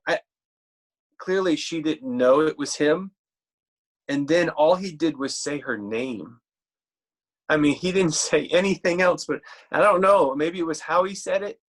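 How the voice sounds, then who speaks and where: A man preaching a sermon in a conversational, halting way, with frequent restarts and slower, weightier reading of scripture. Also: fairly high pitch.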